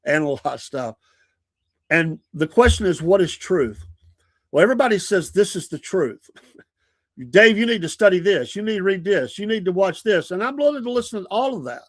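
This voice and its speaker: A man's voice: fairly high pitch, dry recording, studio quality. Earnest man hosting a stream. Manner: earnest, rambling, self-deprecating, laughs often. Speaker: podcast host. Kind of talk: casual talk on a live stream.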